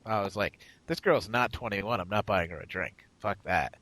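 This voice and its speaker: On a dry, low-quality recording, a man co-hosting a podcast chats casually through a rambling, profane tale, quoting and performing the people in it. His lowish voice moves at a moderate pace, with a bright, forceful tone.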